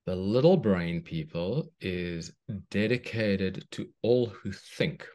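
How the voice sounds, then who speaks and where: Children's author reading a story aloud, man, deep voice, gentle and slow. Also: animated. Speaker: children's book author, guest.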